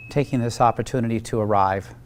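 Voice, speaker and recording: A man leading a guided meditation in a slow, calm manner. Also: mid-range voice, noisy background. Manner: slow, calm, unhurried phrasing. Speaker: meditation leader.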